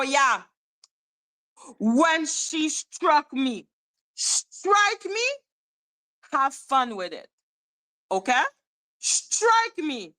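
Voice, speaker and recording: A woman's voice: on the high side, pushed and bright. A woman hosting a casual livestream, profane and taunting as she talks to her chat. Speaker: livestream host.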